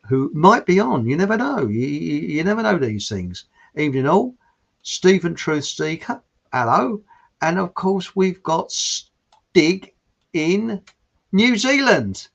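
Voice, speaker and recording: Male stream host, casual rambling chat, reads out comments, fairly high voice, muffled lo-fi sound. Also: big pitch swings, unhurried, vocal fry. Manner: rambling and chatty, loose restarts, chuckles. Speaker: livestream show host. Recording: dull lo-fi stream audio.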